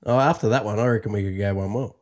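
A man's voice: lowish voice, fast talker, darkish tone. An Australian man co-hosting a podcast, trading laughing, blokey banter. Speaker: podcast co-host. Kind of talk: casual chat.

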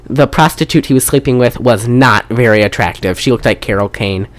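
A woman's voice: extremely low pitch, brisk. A young woman hosting a casual chat, retelling a film's scenes in a rambling, profane way. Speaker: podcast host reviewing a film.

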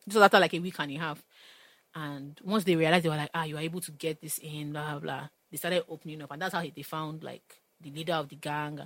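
A woman's voice: low voice, fairly even intonation, quick pace, a bit bright, no room sound. A young Nigerian woman with a Nigerian accent in passionate casual conversation, retelling stories and pressing her points. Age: young adult. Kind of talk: casual chat.

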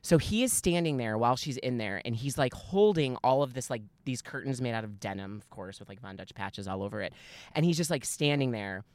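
A man's voice: mid-range voice, lively intonation, fairly quick, dry recording. A man in his forties telling a long story in a casual podcast chat, rambling with many fillers and restarts. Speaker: guest, fan.

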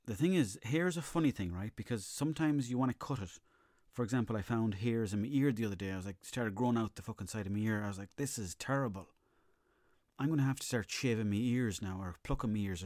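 A man's voice: lowish voice, darkish tone, dry recording, studio quality. A young Irish man hosting a comedy podcast, telling rambling, profane stories in a casual monologue. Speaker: podcast host.

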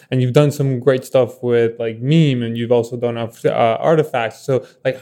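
Co-host guy, mellow voice, casual question with lots of examples. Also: mid-range voice. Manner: casual, listing examples before asking. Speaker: podcast co-host. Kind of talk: interview questions.

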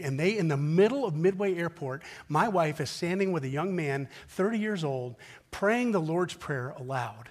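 Middle-aged male pastor, high-pitched voice, anecdotal, emphatic sermon delivery. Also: lively intonation, moderate pace, darkish tone. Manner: anecdotal and emphatic, with rhythmic repetition. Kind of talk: conversational sermon storytelling.

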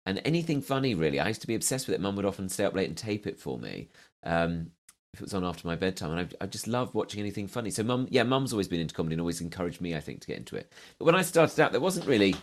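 A well-spoken man from southeast London talks as a comedian guest, telling stories with a wry touch. His voice sits a little low. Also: sing-song, very fast. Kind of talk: casual chat.

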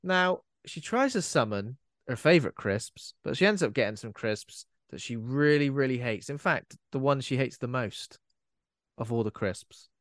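A man chats casually on a podcast, playful and quick with a joke. His voice is close and dry, with no room sound around it. He keeps a friendly, bantering tone. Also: mid-range voice, lively intonation, a bit bright, no room sound. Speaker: podcast co-host. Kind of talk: casual chat.

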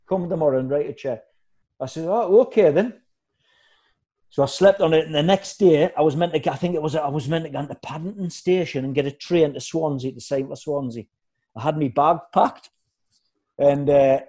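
A man telling football stories in casual chat, acting out other people's voices. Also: a little high. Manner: animated anecdotes, acts out shouting voices. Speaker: former footballer guest.

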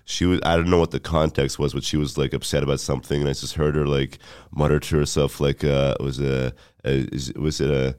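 A man, a comedian and podcaster, rambling in casual banter with halting starts and plenty of swearing. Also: a bass voice, level tone, darkish tone, smooth, dry recording, clean studio sound.

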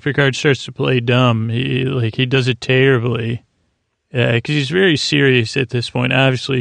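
A man talks through an episode in a loose, rambling way, stopping and restarting his thoughts. His voice is gravelly with a flat, even intonation. The recording sounds dry and close. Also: medium pitch, no room sound. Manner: rambling, hesitant, many fillers and restarts; paraphrases characters' lines in his own plain voice. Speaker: podcast host recapping an episode. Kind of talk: casual rambling recap.

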